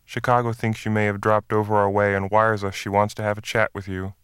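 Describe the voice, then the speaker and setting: A man voicing a calm plainclothes officer. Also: on the low side, fairly quick, clear, resonant tone, no room sound, clean studio sound, close to an everyday voice.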